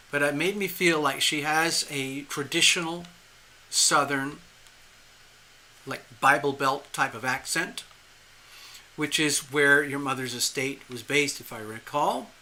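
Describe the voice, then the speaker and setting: Bright-voiced man giving a live tarot reading. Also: a little high, slow. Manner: rambling and animated, with frequent restarts and chuckles. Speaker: tarot reader hosting a live stream.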